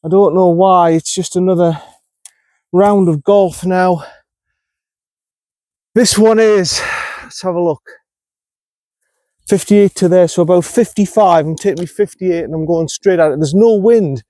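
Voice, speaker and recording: With a high-pitched, warm voice, he speaks a little slowly and leaves long pauses, with no echo on the recording. He's a North East England golfer vlogging his round outdoors, commentating on each shot and frustrated with his own play.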